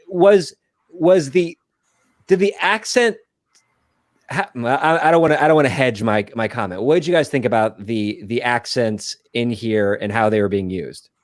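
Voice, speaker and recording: A young man in a relaxed podcast conversation, often hesitating and tripping over his words. His voice sits at a middle pitch, and the recording is dry and close. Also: dry recording. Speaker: podcast guest. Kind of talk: casual podcast chat.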